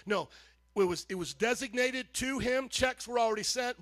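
A male pastor preaching a sermon to his congregation, animated, calling out to the audience and rising to shouts. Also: very high-pitched, fairly quick.

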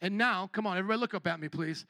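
A man's voice: sits high, very fast, sharp tone, no echo, low-quality recording. A male pastor from Chicago preaching a sermon, talking to his listeners and urging them to respond. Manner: preaching, urging the congregation to answer back.

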